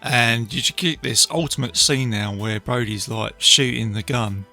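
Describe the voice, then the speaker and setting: Gravelly, bright-voiced man chatting about films. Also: mid-range voice, a little slow, soft background music. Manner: chatty, retelling scenes with many fillers. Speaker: podcast host, film reviewer. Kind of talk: casual solo film review. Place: beach outdoors.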